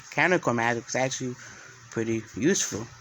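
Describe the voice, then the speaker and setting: A man's voice: medium pitch, fast, a bit bright, slight background noise, rough recording. Rambling man telling an improvised story. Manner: rambling, full of restarts and fillers.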